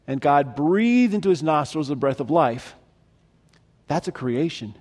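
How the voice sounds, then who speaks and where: Here a man delivers sermon teaching in a slightly high voice with a darkish tone, lively intonation and a measured pace. He keeps it conversational and asks the audience questions.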